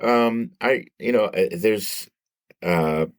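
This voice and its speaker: A man's voice: lowish voice, slow, clear, resonant tone, no room sound, clean studio sound. A man speaking as a guest expert on a podcast, giving thoughtful answers that he often restarts with "uh" and "you know". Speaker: guest expert, sibling researcher. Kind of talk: interview answers.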